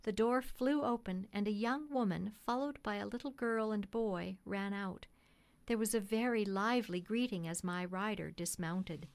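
Woman narrator for an audiobook, measured and gentle, mid-pitched. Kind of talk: scripted storybook narration.

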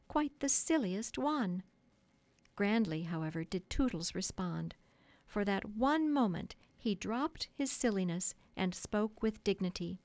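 A woman reading a children's classic aloud in a measured, expressive storytelling manner. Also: medium pitch, no echo. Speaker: audiobook narrator. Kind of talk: scripted narration. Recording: dry close studio sound.

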